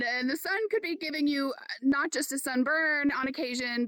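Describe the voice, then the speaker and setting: Woman van-life vlogger, upbeat and fast-talking, outdoors, dry close camera mic. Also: a little high, dry recording. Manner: excitable, fast-talking, laughs often. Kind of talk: casual chatty vlog. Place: outdoors at a campsite.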